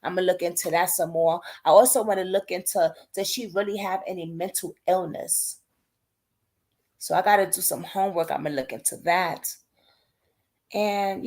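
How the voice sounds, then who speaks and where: A woman's voice: lowish voice, gravelly. A woman hosting a casual livestream from home, talking in a chatty, heartfelt way to her subscribers and calling them y'all.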